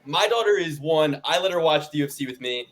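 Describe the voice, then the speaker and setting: A male podcast host chats with his guest, and his questions tend to ramble. He talks fast in a slightly high voice. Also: lively intonation, fairly bright tone. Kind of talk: casual interview chat.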